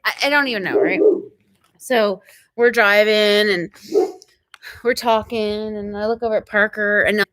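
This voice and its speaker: A woman hosting a ranch live stream, telling a story in an animated, quick way and acting out what people said. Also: medium pitch, slight background noise. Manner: animated, quick retelling with acted-out quotes. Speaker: ranch channel host.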